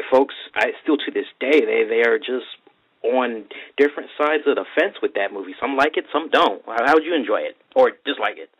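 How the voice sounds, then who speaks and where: Easygoing male host on lo-fi radio. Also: medium pitch. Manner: easygoing, uses fillers. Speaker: show host. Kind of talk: casual chat. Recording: dull lo-fi internet radio audio.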